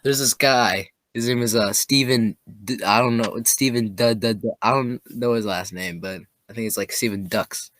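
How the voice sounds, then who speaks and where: Young man, casual podcast chat, rambling, medium pitch, dry sound. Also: fairly even intonation, normal speed, hardly any pauses, fairly bright tone, dry recording. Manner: rambling, many fillers and restarts. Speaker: podcast co-host.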